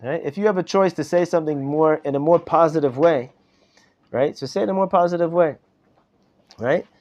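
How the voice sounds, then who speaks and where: Briskly, in a slightly high voice with a darkish tone, a middle-aged rabbi teaches Torah informally in a study hall classroom. His style is conversational, with repeated words and frequent "right?" check-ins, recorded live and sounding dull.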